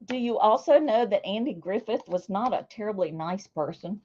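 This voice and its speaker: On a laid-back livestream, a female host talks with her audience, naming viewers as she goes in a talkative, self-mocking way. Her voice is mellow and medium in pitch, though the recording is muffled.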